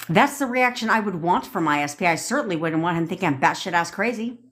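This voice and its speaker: A young woman talks into her phone on a livestream. She coaches bluntly, repeats herself for effect and swears freely. Her voice sits a little low but swings widely in pitch. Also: animated, fast, a bit bright. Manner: blunt, profane, repetitive tough-love ranting. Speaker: manifestation coach. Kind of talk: TikTok live rant.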